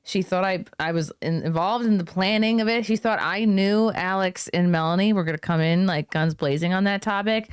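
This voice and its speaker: A woman's voice: lowish voice, fairly quick, few pauses, clean tone, dry recording, studio quality. A woman hosting a podcast, chatting casually and firing off curious questions. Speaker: podcast host.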